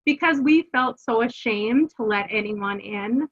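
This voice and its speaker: A woman's voice: a little high, measured pace, a bit bright, breathy edge, dull audio. A middle-aged woman telling her family's story as an interview guest, earnest and conversational, with fillers and restarts. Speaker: guest, homeschooling mother. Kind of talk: candid personal storytelling.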